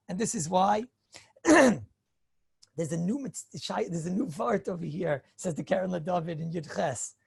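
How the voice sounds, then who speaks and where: A rabbi delivers a Torah lecture in a gravelly, husky voice, recorded close and dry. He is animated, acts out little back-and-forth dialogues, and often clears his throat and chuckles. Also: high voice, no echo.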